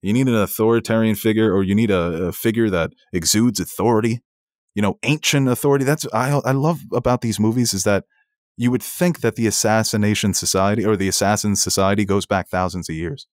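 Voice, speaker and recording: Deep-voiced man gushing about movies. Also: a little fast, dry recording, clean studio sound. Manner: enthusiastic, laughs while talking; swears casually. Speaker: podcast co-host. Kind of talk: casual film discussion.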